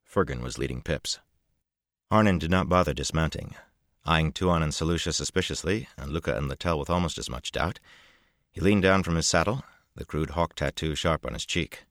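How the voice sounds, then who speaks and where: A man narrates a fantasy novel in a measured, even voice. His voice is extremely deep. The recording is dry and close. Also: dry recording. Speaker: audiobook narrator.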